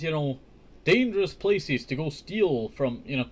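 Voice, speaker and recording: A man reads a children's storybook aloud in a relaxed, unhurried way, his voice sitting a little high. He keeps stopping for chatty, joking asides. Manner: chatty, joking asides, says "I tell you" often. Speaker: host reading a children's book. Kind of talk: casual storybook reading with commentary.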